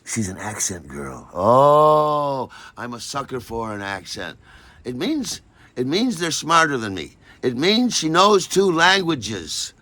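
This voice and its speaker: Animated older man telling a story. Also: medium pitch. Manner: animated, acts out every voice in his story. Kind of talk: personal storytelling.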